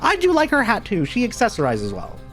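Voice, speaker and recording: A man's voice: very high voice, huge pitch swings, brisk, fairly bright tone, faint music behind. A man streaming a video game, giving casual let's-play commentary, chatty and thinking aloud, laughing at himself. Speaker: gaming streamer.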